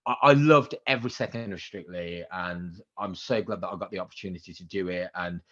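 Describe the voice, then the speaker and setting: A man in his thirties, a radio presenter, telling animated stories as a podcast guest and acting out the quotes. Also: deep voice, a little fast, muffled recording. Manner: animated anecdotes with acted-out quotes and excited outbursts. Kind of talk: casual interview storytelling.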